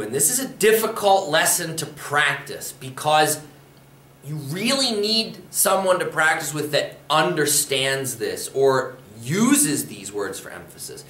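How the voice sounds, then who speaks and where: Lively-voiced man teaching a language lesson. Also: fairly high pitch. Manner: patient explaining, repeats example phrases. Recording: roomy echo.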